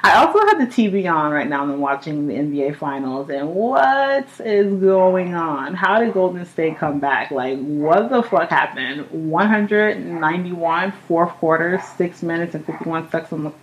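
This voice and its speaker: Young woman host, casual home podcast, high and chatty, swears freely, laughs often. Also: moderate pace, few pauses, slight background noise, poor audio. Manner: profane, laughing, animated storytelling. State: high on cannabis. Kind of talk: casual chat. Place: home apartment.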